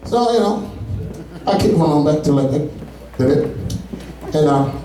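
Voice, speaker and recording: A man's voice: on the high side, expressive, a little slow, mellow, a little hiss or hum. A man doing a stand-up comedy set, telling loose, profane stories with asides to the audience. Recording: echoey room, far from mic.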